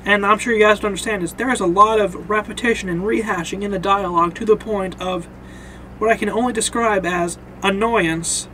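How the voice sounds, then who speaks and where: A man's voice: sits high, fairly even intonation, brisk, pushed and bright, a little hiss or hum, poor audio. A young man casually narrating a comic review, rambling with many fillers.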